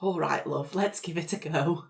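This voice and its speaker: A woman voicing a blunt, doddering old mother in an improvised comedy role-play, in a lowered put-on voice. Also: moderate pace, gravelly. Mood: soothing. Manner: deep put-on voice, drawling.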